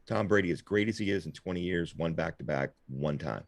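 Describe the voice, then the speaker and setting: A man's voice: deep voice, brisk, creaky, dry recording. A middle-aged man in casual podcast chat, telling a rambling, reflective story. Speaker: guest host.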